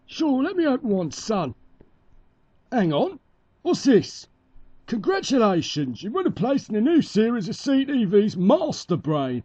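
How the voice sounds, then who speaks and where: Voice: medium pitch, huge pitch swings, unhurried, dark tone, slightly rough, no echo, muffled recording, full character voice. A performer voicing a cheerful dad chicken with a put-on London Cockney accent, talking in a chirpy, slangy way. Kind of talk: amateur cartoon voice acting.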